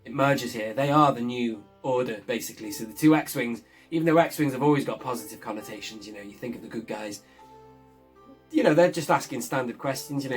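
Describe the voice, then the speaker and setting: A man gives a loose, excited recap of a show episode, chuckling as he goes. His voice sits at an ordinary middle pitch. Soft guitar music plays faintly underneath. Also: a little fast. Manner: enthusiastic, chuckles often while recounting. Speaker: show reviewer.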